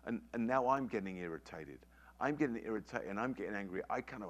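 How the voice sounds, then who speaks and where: A man's voice: fairly low pitch, lively intonation, fast. A middle-aged man preaching a sermon, telling a family story with emphatic, repeated phrases.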